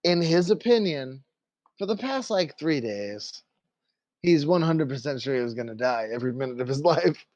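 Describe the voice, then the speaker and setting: A man's voice: a little high, lively intonation, darkish tone, no room sound, dull audio. A man narrating a tabletop game as game master, telling the scene in a crude, joking way. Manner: crude, laughing, drawn-out storytelling.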